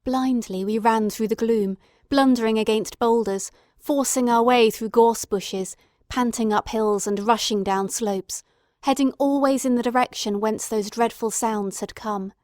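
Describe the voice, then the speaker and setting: A woman reading a classic novel aloud as an audiobook narrator, in a measured, dramatic storytelling manner. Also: a little high, fairly even intonation, a little mellow, dry recording, clean studio sound. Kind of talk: scripted narration.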